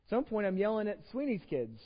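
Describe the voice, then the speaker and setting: A man's voice: high voice, huge pitch swings, fast talker, in a large hall, dull audio. A pastor with a Texan accent, preaching a conversational sermon, often repeating words as he starts a phrase. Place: church sanctuary.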